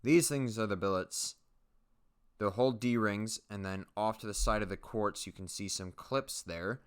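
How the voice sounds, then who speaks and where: A man's voice: on the low side, a little slow, clean tone. A man casually narrating his own leatherworking footage, rambling and joking at his own expense. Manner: rambling, self-mocking, jokey asides. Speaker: leatherworking channel host.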